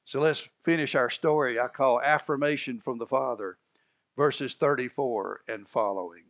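A man's voice: mid-range voice, moderate pace, fairly bright tone. A man preaching a sermon, telling the story with energy, acting out the characters' lines and laughing at his own asides. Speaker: pastor.

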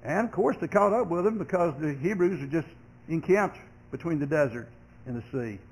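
A man, a pastor, preaching a sermon, earnest, growing loud and sharp when he acts out complaining voices and dropping soft for comfort. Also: on the high side, expressive, normal speed, husky, low-quality recording.

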